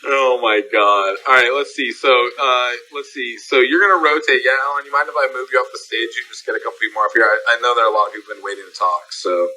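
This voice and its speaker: A man hosting a casual live voice chat room, talking in heavy slang and swearing, who jumps into high, loud voices when acting out people in his stories. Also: quick pace, few pauses, slight background noise, low-quality recording.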